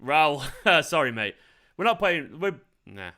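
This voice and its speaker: Very animated yet a little slow, his high, bright voice carries a forceful tone. The hungover, tired host of a live football watchalong vents his frustration, cursing often while responding to chat.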